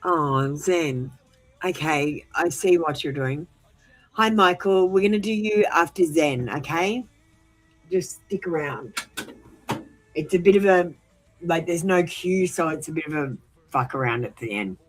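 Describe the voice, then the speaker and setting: Blunt, low-voiced woman reading tarot live. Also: lively intonation, measured pace, faint music behind, low-quality recording. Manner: blunt and direct, managing the chat queue; reassuring when viewers feel ignored. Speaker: live tarot reader hosting a stream. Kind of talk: casual live-stream chat with viewers.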